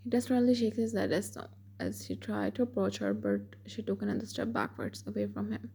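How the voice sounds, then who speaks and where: Husky woman reading a romance story. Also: mid-range voice, big pitch swings, fairly quick, mellow. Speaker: story narrator. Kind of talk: scripted fan fiction narration.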